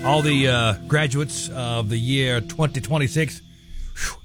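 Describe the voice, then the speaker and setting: A man's voice: mid-range voice, fairly even intonation, measured pace, a bit bright, soft background music. A man in his fifties hosting a morning radio show, telling stories in casual banter and often laughing at himself. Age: 50s. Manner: chuckling storyteller, self-deprecating. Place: radio studio. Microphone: studio microphone.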